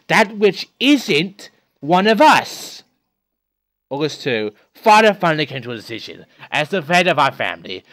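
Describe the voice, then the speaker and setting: Guy putting on a slow grave diary voice, thick fake accent, kinda higher. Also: a bit bright, no room sound. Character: solemn island family daughter writing a diary.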